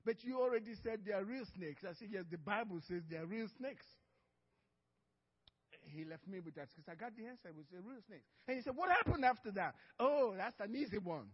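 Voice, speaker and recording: A man's voice: high-pitched, expressive, a little fast, slightly rough, big-room sound, lo-fi sound. A man preaching a sermon as pastor, telling a story with frequent laughter and acted-out dialogue.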